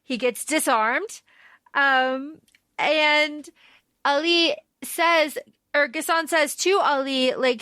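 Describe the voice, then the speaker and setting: A woman's voice: extremely high pitch, measured pace, pushed and bright, no echo. A woman co-hosting a podcast, chatting casually about a book and retelling scenes with quoted dialogue. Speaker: podcast co-host.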